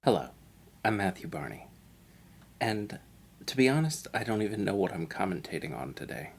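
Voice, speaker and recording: Deep-voiced man doing pompous mock commentary. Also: sing-song, normal speed, gravelly, slightly rough. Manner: pompous, self-satisfied and absurd. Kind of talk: parody audio commentary over a video.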